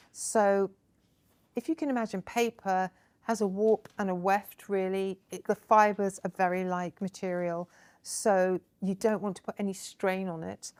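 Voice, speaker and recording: A woman guiding guests through a craft project at an indoor table. Her voice sits at an ordinary middle pitch, and her manner is chatty, warm in praise, and full of encouragement. She explains each step plainly as a hands-on tutor. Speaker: crafting workshop host.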